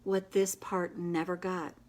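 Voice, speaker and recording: A woman hosting a casual live session, coaching a group in an earnest, gentle and encouraging way, with quick asides. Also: on the low side, flat delivery. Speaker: inner child tapping coach, host.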